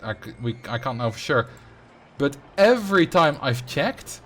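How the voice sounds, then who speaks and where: Man, Dutch accent, native Dutch speaker, game streamer, casual chat with viewers, laughs easily, halting restarts, mid-range pitch. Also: very animated, a bit bright. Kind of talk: casual livestream chat, replying to chat.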